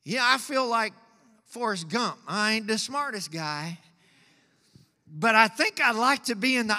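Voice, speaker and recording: A man's voice: very high-pitched, lively intonation, moderate pace, bright, forceful tone, in a large hall. A male pastor preaching a sermon in a church, reading scripture and calling out to the congregation with growing fervor. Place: church sanctuary.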